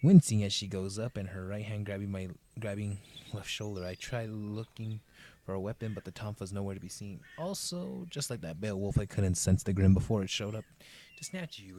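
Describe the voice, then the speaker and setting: A man dramatically reading a fan-made visual novel aloud, voicing the protagonist with expressive outbursts and frequent swearing. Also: lowish voice, moderate pace, slight background noise. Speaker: game reader, voicing the protagonist.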